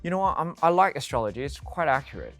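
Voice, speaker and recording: A man's voice: fairly high pitch, sing-song, quick pace, fairly bright tone, soft background music. A man reading fan tweets aloud and reacting to them, amused and playful and laughing often.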